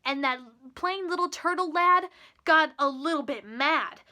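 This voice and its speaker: A teenage girl reading a children's picture book aloud with slow, expressive delivery. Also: sits high. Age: teens. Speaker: storyteller.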